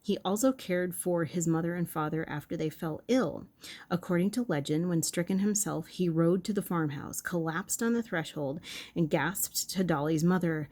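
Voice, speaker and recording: A woman's voice: on the low side, normal speed. A woman reading a history text aloud and breaking off often to react, joke and correct herself. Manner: playful, self-interrupting, reacts to the text. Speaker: video host.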